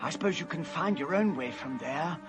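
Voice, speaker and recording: A woman's voice: sits low, animated, brisk, music in the background, rough recording. A woman voicing a guilt-ridden, tearful male fawn in an amateur radio play. She talks anxiously and stammers. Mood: hushed, urgent. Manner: anxious, stammering, breaking into sobs.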